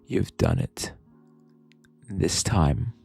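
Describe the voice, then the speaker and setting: A man's voice: low-pitched, very animated, drawn-out words, vocal fry, a little mellow, breathy edge, faint music behind, exaggerated voice. A man voicing a vindictive, menacing school principal in a scary little whispered growl, a whispered role-play.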